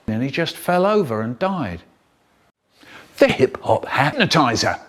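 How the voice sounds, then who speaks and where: Lively man telling comic stories. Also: unhurried. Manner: animated storytelling with wild pitch jumps. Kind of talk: comic spoken-word collage.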